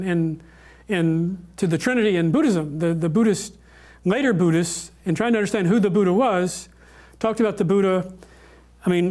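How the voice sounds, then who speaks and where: A male lecturer talking informally about religion and taking questions. His voice sits high for a man. He hesitates often and restarts his sentences. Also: a little mellow. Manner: hesitant, with many fillers and restarts.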